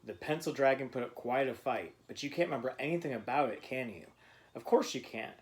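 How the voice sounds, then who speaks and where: A man narrating a bedtime story to a child in a gentle, playful way. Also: medium pitch, expressive, fairly quick.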